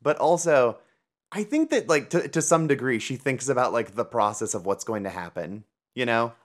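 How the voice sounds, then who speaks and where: A woman's voice: extremely low pitch, expressive, normal speed. A woman co-hosting a casual film podcast. She is chatty and tells anecdotes from her own life with self-deprecating humor. Her delivery is loose and conversational. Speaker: podcast co-host.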